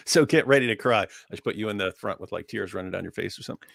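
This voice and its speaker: A man's voice: lowish voice, fast, vocal fry, fairly bright tone, dry recording. Laughing man in casual chat, dry sound. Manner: laughs often, quotes clips in a raised voice. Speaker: co-host.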